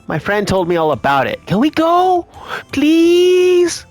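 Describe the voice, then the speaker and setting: A man voicing an excited little girl who begs to be taken out, in a whiny, drawn-out manner. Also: very high voice, soft background music, pitched above the performer's own voice, heavily acted. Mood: pleading.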